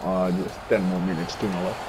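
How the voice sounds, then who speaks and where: A man's voice: deep voice, level tone, fairly quick. A man chatting casually beside a gamer, making short, laid-back encouraging remarks. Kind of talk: casual chat. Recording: game music behind.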